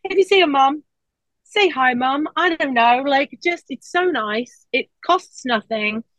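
A woman chats casually on a podcast and tells her stories with energy, jumping up into a high voice whenever she quotes someone. The recording is dry and a little dull, with no room sound. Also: measured pace, no echo. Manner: animated storyteller, acts out quotes in a high voice.

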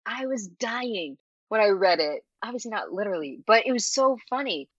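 A woman guest in a casual chat, talking in an animated way with frequent laughs and filler words. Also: medium pitch, normal speed, no room sound. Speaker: interview guest, fanfiction writer. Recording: muffled lo-fi audio.

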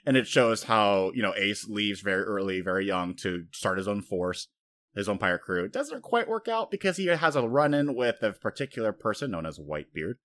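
A man co-hosting a casual podcast, rambling and animated as he retells story scenes, slipping into quoted voices. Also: fairly low pitch, brisk. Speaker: podcast co-host. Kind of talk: casual anime discussion.

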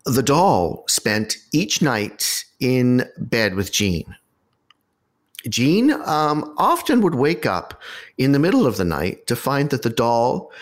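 A man with a somewhat low voice hosts a chatty podcast, spinning a creepy story for his co-host. He tells it with relish and drops dry little jokes along the way. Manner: animated storyteller with wry asides. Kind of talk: casual storytelling chat.

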